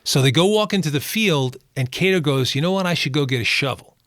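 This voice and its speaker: A man's voice: a little high, expressive, fairly quick, fairly bright tone, dry recording, clean studio sound. A man co-hosting a podcast, retelling film scenes in casual chat and acting out the characters' lines. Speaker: podcast co-host.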